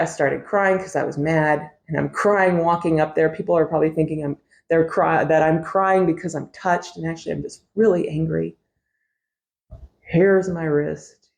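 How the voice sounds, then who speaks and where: A woman's voice: sits low, fairly even intonation, measured pace, gravelly, darkish tone. A middle-aged woman hosting a podcast, telling a personal story in a candid, wry way, swearing freely and laughing often. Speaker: podcast host.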